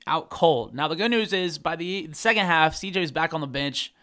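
Animated, rambling young man. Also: fairly high pitch, moderate pace. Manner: animated, rambling, swears and jokes. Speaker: podcast co-host. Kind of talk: casual sports podcast chat.

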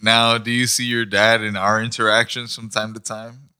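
A man on a podcast, talking in a relaxed, reflective casual chat and asking probing questions. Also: lowish voice, normal speed, smooth. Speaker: podcast co-host.

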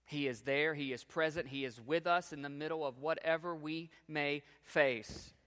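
A man preaching a sermon as a pastor, emphatic, swinging between soft low drops and rising peaks. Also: fairly even intonation, normal speed, few pauses, smooth, in a large hall.

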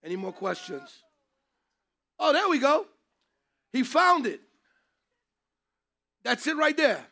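Male Bible teacher, very high gravelly voice, emphatic preacher delivery. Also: very animated, slow pace, long pauses, sharp tone. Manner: emphatic, preacherly, takes questions from class. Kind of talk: interactive Bible class teaching.

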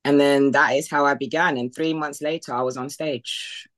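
Deep-voiced woman from the UK, guest on a podcast, chatty storyteller who mimics others' lines. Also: fairly even intonation, moderate pace. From United Kingdom. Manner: retells past conversations in quoted voices, with frequent fillers and laughs. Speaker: podcast guest, bodybuilding athlete. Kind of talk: casual conversational storytelling.

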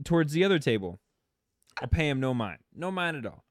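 A young man hosting a podcast, telling stories in a lively, casual way and laughing easily. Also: a little high, a little fast, no room sound, studio quality. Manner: animated storyteller, laughs easily. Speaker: podcast host. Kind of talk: casual chat.

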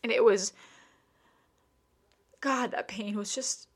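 A woman's voice: on the high side, fairly even intonation, takes it slowly, breathy edge. A young woman speaking candidly and emotionally to listeners, swearing often and restarting her sentences as she tells a personal story. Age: young adult.

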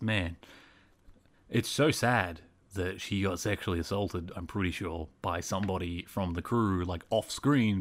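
A man hosting a podcast, recapping an episode in a chatty way with lots of fillers. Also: lowish voice. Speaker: podcast host.

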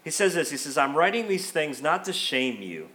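A middle-aged male pastor preaches in a church, talking to the congregation in a conversational, emphatic way. His voice sits a little high for a man, and he acts out everyday quotes as he goes. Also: sing-song, normal speed, bright, forceful tone. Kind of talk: sermon. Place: church sanctuary.

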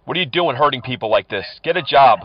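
A man's voice: medium pitch, expressive, fast talker, no room sound. A man prank-calling scammers, taunting and insulting them in a mocking tone. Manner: mocking, insulting, laughs at his targets. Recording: muffled lo-fi audio.

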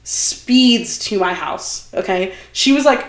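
A young woman telling a long personal story in casual chat, animated and full of fillers and quoted asides. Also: mid-range voice, takes it slowly. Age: young adult. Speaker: podcast guest. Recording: roomy echo.

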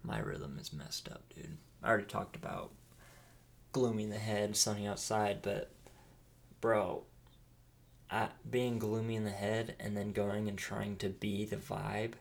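A man's voice: fairly low pitch, steady tone, measured pace, gravelly. A young man hosting a podcast, chatting casually and rambling with frequent restarts. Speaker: podcast host. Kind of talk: casual chat.

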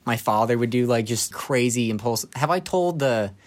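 A young man on a podcast, casually telling dark childhood stories with laughter and quoting people in put-on voices. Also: mid-range voice, animated, normal speed. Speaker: podcast co-host. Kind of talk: casual storytelling chat.

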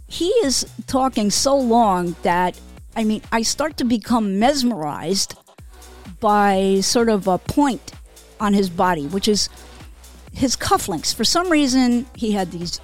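A woman co-hosting a podcast, telling casual stories, swearing freely and laughing between lines. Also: on the high side. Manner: swears freely, laughs, lots of "okay?" and "you know". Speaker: podcast co-host. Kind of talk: casual storytelling.

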